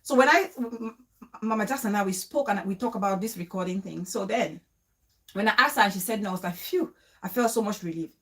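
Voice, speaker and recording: A woman vlogger telling a story to camera in a casual way, emotional and pleading, with quick bursts and repeated questions. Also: medium pitch, fairly bright tone.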